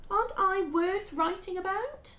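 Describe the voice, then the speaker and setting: Actress as a teasing inner voice in a radio play, high bright voice, roomy echo. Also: female voice, unhurried, full character voice. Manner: teasing, playful. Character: teasing young woman, voice in his head.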